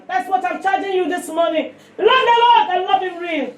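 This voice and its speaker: A woman's voice: very high-pitched, normal speed, echoey room, recorded from a distance. Passionate Nigerian woman preaching a sermon. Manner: passionate, emphatic, swings from loud to hushed.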